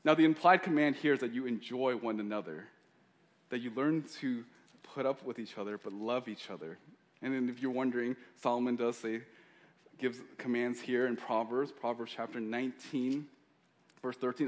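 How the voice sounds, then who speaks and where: A man's voice: mid-range voice, normal speed. A male pastor preaching a sermon in a joking, conversational way.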